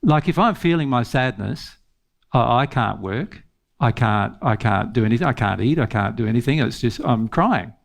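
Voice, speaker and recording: A man's voice: medium pitch, lively intonation, normal speed, gravelly. A man giving an informal spiritual teaching talk, earnest, repeating phrases and laughing often.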